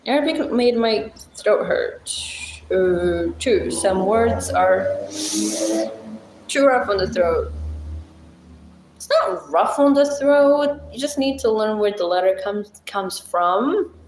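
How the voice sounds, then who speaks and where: A woman's voice: medium pitch, expressive, slow pace, a little mellow, a little hiss or hum. A woman hosting a casual livestream, chatting with viewers and rambling through simple language explanations with plenty of fillers. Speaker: livestream host. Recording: echoey room.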